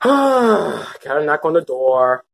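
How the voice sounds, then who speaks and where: A woman voicing an impatient male koopa with a lowered, pushy voice in a puppet comedy skit. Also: very animated, slow pace, vocal fry, exaggerated voice. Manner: demanding, pushy.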